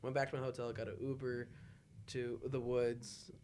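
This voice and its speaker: A man hosting a podcast, telling stories in a casual, animated way and often bursting into loud laughter. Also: mid-range voice, normal speed, slight background noise. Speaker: podcast host.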